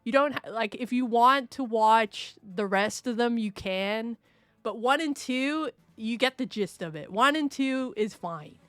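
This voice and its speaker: Playful slow-talking woman streamer. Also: on the high side, fairly bright tone, no echo. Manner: playful, rambling, laughs often, answers chat. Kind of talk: casual live-stream chat.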